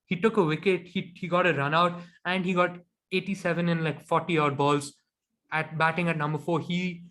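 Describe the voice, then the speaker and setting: A man with a slightly higher-pitched voice co-hosts a casual cricket chat. He gives firm, analytical opinions on players and teams. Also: steady tone, normal speed, a bit bright. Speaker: cricket podcast co-host.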